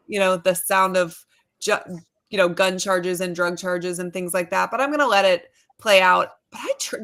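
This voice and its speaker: Bright-voiced woman hosting a sports panel. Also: medium pitch. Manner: conversational, frequent restarts and asides. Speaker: sports show host. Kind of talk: casual panel discussion.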